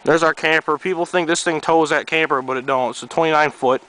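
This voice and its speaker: A man's voice: a little high, steady tone, fairly quick, a bit bright, low-quality recording. A young man from New York with a slight Southern tinge, a little sick, rambling offhandedly outdoors in the cold while showing his truck to a handheld camera. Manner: offhand, rambling, swears casually. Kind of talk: casual rambling walkaround.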